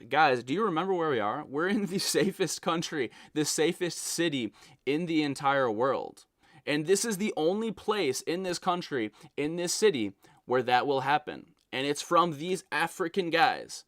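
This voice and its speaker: A man reads out viewer messages and rants about them in an animated, exasperated way, as a reaction commentary. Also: on the high side, moderate pace, no room sound, clean studio sound. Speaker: content creator reading viewer messages.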